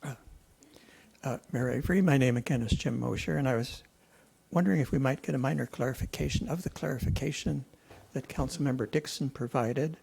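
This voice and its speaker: A man's voice: mid-range voice, a little fast, vocal fry, darkish tone, slightly rough, poor audio. A man giving public comment at a city council meeting, asking precise questions.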